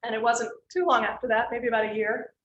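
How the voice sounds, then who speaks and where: A woman's voice: on the high side, little pitch movement, fast, lo-fi sound. Woman lecturer in an echoey room. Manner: explanatory, uses acted examples, direct. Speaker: lecturer on counseling and autism. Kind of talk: lecture to students. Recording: echoey room, faint background hiss.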